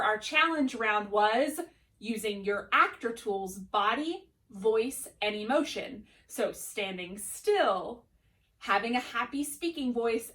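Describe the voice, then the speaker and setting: Upbeat drama teacher, unhurried woman. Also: a little high, fairly bright tone. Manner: enthusiastic, encouraging. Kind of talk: upbeat classroom lesson.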